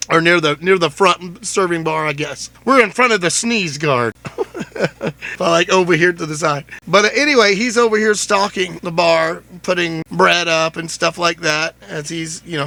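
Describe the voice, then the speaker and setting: A man tells a story on his own show in a loose, rambling way, full of jokes and retold talk. His voice sits high and bright, with a gravelly edge. The sound is close and dry. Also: no room sound. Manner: chatty, rambling, jokey retelling with many "I said". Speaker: podcast host. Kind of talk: casual storytelling monologue.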